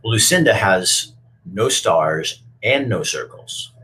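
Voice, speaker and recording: A man with a very deep voice tells a story and then speaks his mind emphatically. He sounds emotional and blunt, swearing freely. There is faint noise in the background. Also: animated, takes it slowly, sharp tone. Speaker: speaker who reads stories to schoolkids. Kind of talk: storytelling and personal rant.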